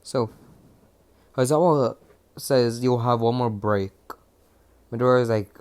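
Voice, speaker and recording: Young male storyteller, loose and foul-mouthed, rambles and trips over words; average pitch. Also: fairly even intonation, normal speed, long pauses, a little mellow. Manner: profane, rambling, self-interrupting. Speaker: fan storyteller. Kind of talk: casual rambling retelling.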